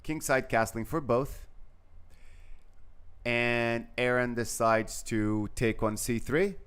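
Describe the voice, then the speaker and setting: A man's voice: medium pitch, slow pace, a bit bright, clean tone. A man from Brazil, a Portuguese speaker, giving chatty live commentary on a chess game. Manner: chatty and rambling, with frequent fillers and restarts.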